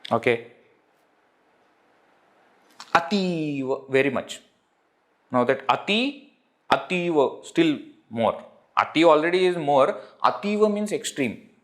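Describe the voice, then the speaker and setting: A man with an Indian English accent leads a live Sanskrit class, his slightly high voice rising and falling a lot as he recites each term. He repeats words, translates them into English, and chuckles now and then as he explains. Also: lively intonation, slow, pauses often, a bit bright. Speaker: Sanskrit teacher. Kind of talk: live online language lesson.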